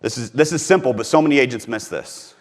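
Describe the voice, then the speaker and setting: A man's voice: mid-range voice, fast. A man from Missouri giving a live sales training talk to a room, emphatic and repeating his key points.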